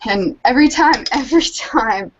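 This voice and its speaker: A woman's voice: on the high side, lively intonation, moderate pace, muffled recording, background noise. A woman from Charleston chatting casually on a podcast, rambling with lots of likes and ums. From Charleston, South Carolina, US. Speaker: guest artist.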